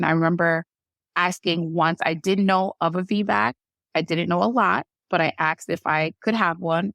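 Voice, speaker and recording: A woman's voice: on the low side, moderate pace, gravelly, fairly bright tone, no echo, studio quality. A woman in her thirties telling her own birth story on a podcast, talking casually with many fillers and acting out what others said to her. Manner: conversational, many fillers, quotes others in shifting voices. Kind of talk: emotional personal storytelling.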